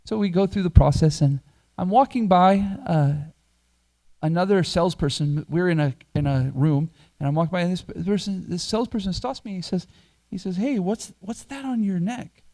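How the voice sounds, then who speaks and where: A middle-aged man serves as a temple priest, telling a personal story in his sermon. His voice sits a little high, soft and warm in tone. He talks chattily and pokes fun at himself as he goes. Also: moderate pace. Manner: chatty, self-deprecating storyteller who chuckles at himself. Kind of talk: sermon told through a personal anecdote. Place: temple hall.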